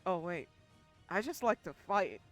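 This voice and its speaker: A woman's voice: lowish voice, big pitch swings, unhurried, no echo, faint music behind. A woman voicing a brash, scornful female brawler who taunts her opponents. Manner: mocking, taunting.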